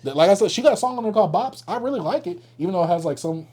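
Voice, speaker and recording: A young man co-hosting a podcast, giving animated, opinionated takes and laughing often in casual chat. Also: high voice, very fast, breathy edge. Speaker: podcast co-host.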